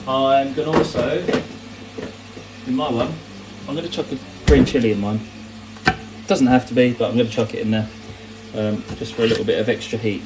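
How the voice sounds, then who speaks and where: A man's voice: medium pitch, background noise. A man hosting a casual cooking livestream, chatting and rambling as he answers viewer comments. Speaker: cooking host. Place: kitchen.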